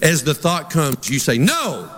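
High-voiced preacher in a big hall. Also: male voice, lively intonation, normal speed. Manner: storytelling, humorous, conversational preaching. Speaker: pastor. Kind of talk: sermon. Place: large church hall with congregation. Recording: reverberant church hall with crowd.

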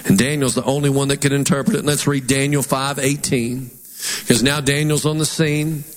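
Folksy twangy preacher man in a hall. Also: moderate pace. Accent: Southern US twang. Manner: animated, folksy, mock voices and jumps in pitch. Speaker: pastor. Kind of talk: sermon. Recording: long hall reverb.

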